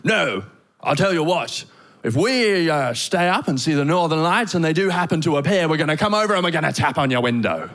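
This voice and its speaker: A man playing a pushy, cheerful British holidaymaker with a British accent, talking insistently and loudly. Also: on the high side, expressive, brisk. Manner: insistent and loud.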